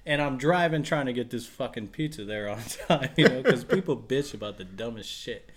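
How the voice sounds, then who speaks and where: A man's voice: mid-range voice, lively intonation, normal speed. A man co-hosting a casual podcast, telling stories full of swearing and laughter. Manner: profane, laughing storyteller. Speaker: podcast co-host.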